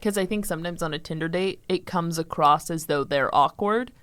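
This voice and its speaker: A young woman with a somewhat low voice chats casually on a podcast. She asks questions and keeps the conversation moving, with easy laughter. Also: fairly quick, fairly bright tone, clear, resonant tone. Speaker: podcast co-host. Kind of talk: casual chat.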